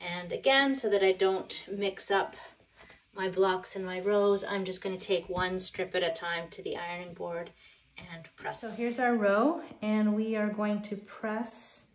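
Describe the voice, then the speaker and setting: Slow-talking woman teaching quilting. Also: mid-range voice. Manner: relaxed, step-by-step instruction. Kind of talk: sewing tutorial.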